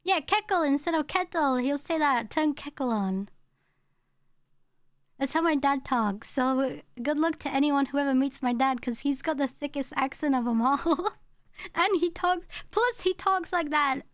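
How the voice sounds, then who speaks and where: A woman's voice: sits high, normal speed, dry recording. A young woman, chatting casually with her stream chat, rambling and laughing as she goes. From England.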